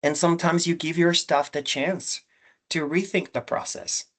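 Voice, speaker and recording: Earnest man, flat steady delivery. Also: fairly high pitch, normal speed. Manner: earnest, reflective, openly emotional. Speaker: panelist, government director. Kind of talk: panel discussion. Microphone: video call.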